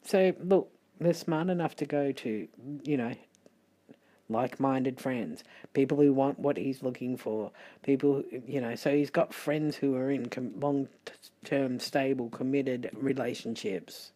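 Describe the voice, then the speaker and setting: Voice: mid-range voice, a little slow, mellow. A middle-aged tarot reader with an Australian accent, chatting casually and rambling with muttered asides, sleepy late at night.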